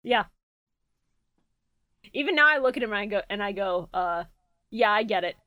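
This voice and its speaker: A woman's voice: medium pitch, expressive, moderate pace, no room sound, narrow, tinny audio. A young adult woman co-hosting a podcast in casual chat, laughing often and swearing freely. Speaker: podcast co-host.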